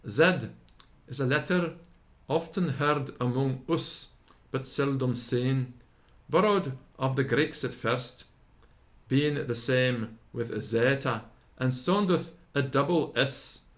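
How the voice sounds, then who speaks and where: Man reading a grammar lesson aloud, unhurried, sounds out every example word one by one. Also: mid-range voice, fairly bright tone. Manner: slow, deliberate, sounding out each example word.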